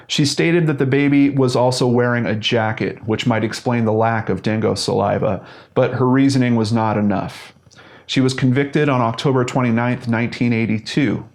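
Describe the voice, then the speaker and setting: A man in his forties narrates a true-crime story as the host of his show. He reads a prepared script in a measured, earnest manner, with a voice that sits at an ordinary middle pitch.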